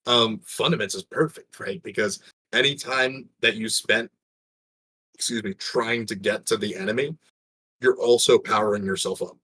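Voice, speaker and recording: A man's voice: on the low side, normal speed, a bit bright, husky, dry recording, low-quality recording. A man casually explaining game tactics, filling his talk with "um" and "right?". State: has the hiccups. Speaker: guest game analyst. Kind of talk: casual gaming chat.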